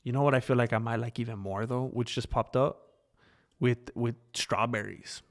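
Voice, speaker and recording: A middle-pitched man live-streams at a normal speed, his intonation fairly even. He addresses his chat directly, rambling loosely, laughing freely and wandering from thought to thought.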